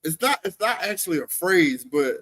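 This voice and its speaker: A man co-hosting a podcast in casual chat, halting and repeating words as he talks, and laughing often. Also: high-pitched, very animated, a bit bright. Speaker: podcast co-host.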